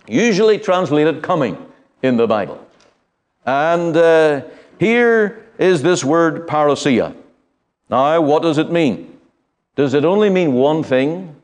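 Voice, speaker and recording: A middle-aged man from the United Kingdom teaching a Bible study, speaking in an earnest, measured way with frequent pauses and fillers. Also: a little high, very animated.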